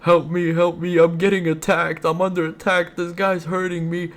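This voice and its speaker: A man's voice: a little high, little pitch movement, normal speed, voice pushed up, natural voice. A man mimicking a whiny panicked caller. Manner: frantic, whiny pleading. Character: panicky man pleading on an emergency call.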